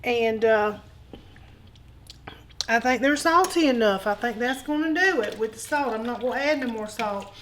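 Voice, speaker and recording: Folksy woman cooking, higher voice. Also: lively intonation, moderate pace, a bit bright, a little hiss or hum, poor audio. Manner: folksy and joking, calls viewers honey and y'all. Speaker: cooking show host. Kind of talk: casual cooking demonstration. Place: home kitchen.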